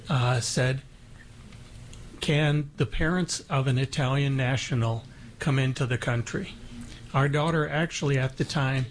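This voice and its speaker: A man guest on a radio show, telling a personal story in a halting way with many fillers. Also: medium pitch, slight background noise.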